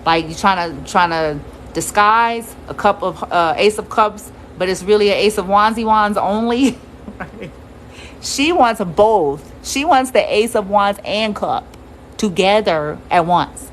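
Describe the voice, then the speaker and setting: Woman tarot reader, mid pitch, casual and blunt, swears freely, faint background noise. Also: measured pace, low-quality recording. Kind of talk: casual tarot reading to viewers.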